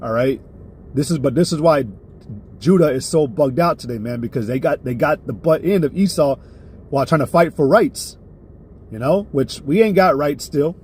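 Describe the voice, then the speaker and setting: This live-streamed religious lesson comes from a man with a voice on the high side who speaks at normal speed. He teaches in a heated, profane way, often checking in with "all right?" and flaring up loudly before pulling himself back. A little hiss or hum sits under the recording.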